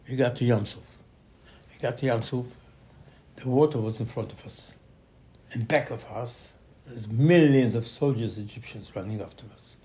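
In a mid-range voice, a man teaches a Torah class as an animated story, mixing Hebrew terms into his English. He performs quoted voices with sudden loud bursts.

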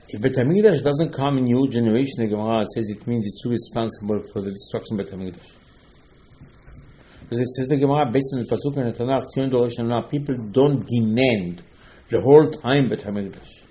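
A man teaching a religious lesson in slightly non-native English, emphatic and repetitive, with sharp swings between loud and quiet. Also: mid-range voice, a little hiss or hum. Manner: emphatic, repeats key points, swings between loud and soft. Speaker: rabbi giving a Torah lesson. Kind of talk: religious lecture.

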